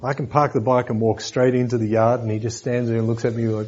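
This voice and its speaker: Aussie preacher guy, husky voice, chatty sermon, kinda muffled lo-fi recording. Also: mid-range voice, fairly even intonation, normal speed, darkish tone. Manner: conversational, joking asides, repeats words. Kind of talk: sermon lesson.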